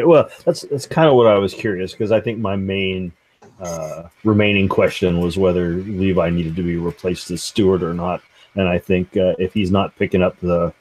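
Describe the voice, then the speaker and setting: A man with a very deep, husky voice speaks as a player in a tabletop game over a video call. He asks questions and thinks aloud, pausing on uhs. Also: darkish tone, rough recording. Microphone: online video call.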